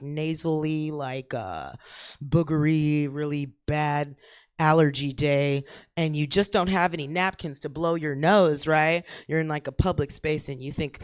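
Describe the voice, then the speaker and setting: A woman doing a crude, profane stand-up set on a comedy club stage, talking straight to the crowd. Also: on the low side. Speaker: stand-up comic.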